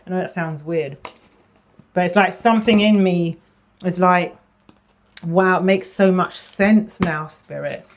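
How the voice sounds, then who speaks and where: A woman giving a casual tarot reading, chatty, often repeating phrases and dropping into a soft murmur. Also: lowish voice. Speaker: tarot reader.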